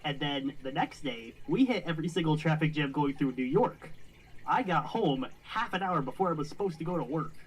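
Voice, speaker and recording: A man joining a livestream as a guest, calmly recounting his week in an easygoing way. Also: fairly high pitch, a little fast. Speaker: stream guest. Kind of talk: casual chat on a livestream. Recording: faint hiss, distant mic.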